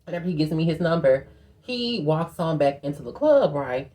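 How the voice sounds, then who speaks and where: A woman with a lower-pitched, very lively voice spins a personal story for her viewers. She's chatty and profane and keeps calling her listeners "girl". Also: moderate pace, a little hiss or hum. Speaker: vlogger telling a personal story. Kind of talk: casual storytime monologue.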